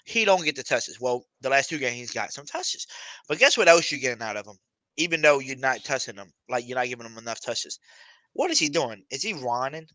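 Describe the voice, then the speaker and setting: Male host, casual sports talk, animated and cursing, bright tone, dry sound. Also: medium pitch, brisk, no room sound. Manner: animated, profane, acts out imagined quotes.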